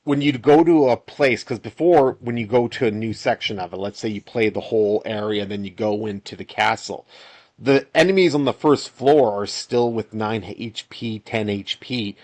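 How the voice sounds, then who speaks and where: A man's voice: lowish voice, moderate pace, a little mellow. Rambling man talking over gameplay. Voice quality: rambling, with frequent restarts and sighs. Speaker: solo game developer. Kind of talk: casual commentary over gameplay.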